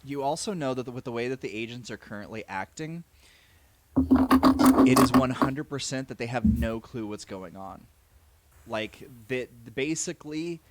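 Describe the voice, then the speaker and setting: A man narrating as game master, explaining what the players know over a video call. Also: mid-range voice. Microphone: desk mic on a video call.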